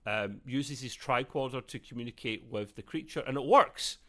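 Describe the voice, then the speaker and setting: A man co-hosting a relaxed show review, talking in an easy, chatty way. He laughs often and slips into quoted voices as he recaps. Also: mid-range voice, normal speed. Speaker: podcast co-host. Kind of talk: casual review chat.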